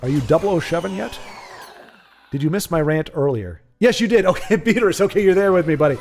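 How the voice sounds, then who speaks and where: Here the young livestream host sounds a bit high yet darkish in tone, expressive and slightly quick. He rambles through casual chat with viewers during a card game stream, restarting again and again.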